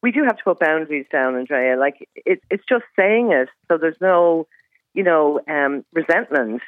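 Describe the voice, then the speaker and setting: A middle-aged woman calling into a radio show, telling stories and giving firm, brisk advice. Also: low voice, lively intonation, no room sound. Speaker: caller. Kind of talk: phone-in chat. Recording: tinny phone line.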